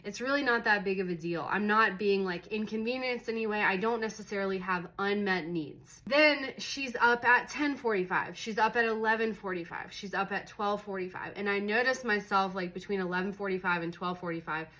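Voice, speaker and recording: A woman's voice: medium pitch, brisk, few pauses, bright, forceful tone, rough recording. A young adult woman teaching about parenting in a casual, conversational way, often acting out her own thoughts in a story. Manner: conversational, many "like" fillers, voices her own inner thoughts. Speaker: parenting educator.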